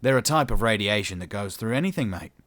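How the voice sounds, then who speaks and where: A man's voice: on the low side, lively intonation, quick pace, a bit bright, no room sound. A man voicing a cocky, menacing human male salvager who talks casually, swears and keeps saying "mate".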